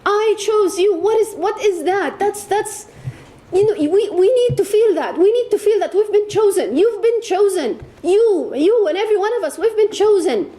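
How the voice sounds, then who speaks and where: A woman's voice: extremely high pitch, lively intonation, moderate pace, warm tone. A woman giving an impassioned religious talk to an audience, repeating words for emphasis. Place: lecture hall.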